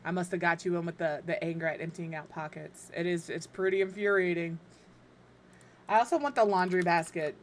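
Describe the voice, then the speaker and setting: A woman's voice: on the low side, fairly even intonation, fairly quick, a little hiss or hum. Chatty woman streaming a building game. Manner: chatty, self-deprecating, talks to her cat and chat. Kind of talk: casual live-stream chat. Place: home room.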